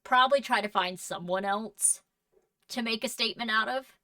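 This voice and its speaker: A woman running a tabletop role-play as game master, narrating scenes in a measured, descriptive way. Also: on the high side, bright, forceful tone, dry recording, far from the mic.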